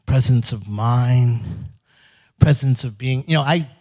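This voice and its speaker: A man telling a parable in a slow, animated storytelling sermon. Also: mid-range voice. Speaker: speaker. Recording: hall reverb.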